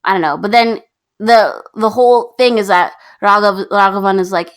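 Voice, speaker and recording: A young woman co-hosts a podcast, walking through a film's plot in a casual, chatty way. She talks in a lively voice and acts out what each character says, slipping into their lines as she tells it. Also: mid-range voice, moderate pace, clear, resonant tone. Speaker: podcast co-host. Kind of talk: casual movie recap chat.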